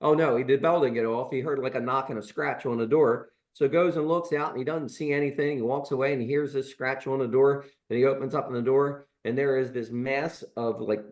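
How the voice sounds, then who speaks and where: A man's voice: medium pitch, fairly even intonation, a little fast, hardly any pauses, a little mellow. Rambling chiropractor in his sixties. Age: 60s. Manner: rambling, many fillers and restarts, chuckling storyteller. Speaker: chiropractor and podcast co-host. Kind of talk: casual storytelling chat.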